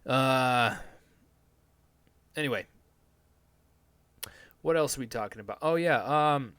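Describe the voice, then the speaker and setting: Slow, rambling podcast host man. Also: medium pitch, fairly bright tone, dry recording. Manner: meandering, profane, full of fillers and restarts; sardonic, laughs at his own jokes. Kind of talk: rambling live-stream monologue.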